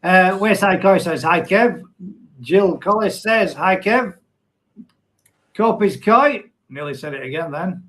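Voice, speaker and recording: A man's voice: high voice, expressive, slow pace, fairly bright tone, rough recording. A middle-aged man hosting a casual live stream from home, reading viewer comments aloud and laughing often.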